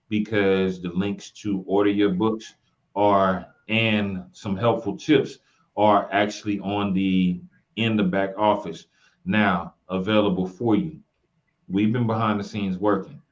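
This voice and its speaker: A man hosting a publishing show, joking and relaxed as he plugs the company website. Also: lowish voice. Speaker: show host. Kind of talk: casual promotional chat. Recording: dull lo-fi audio.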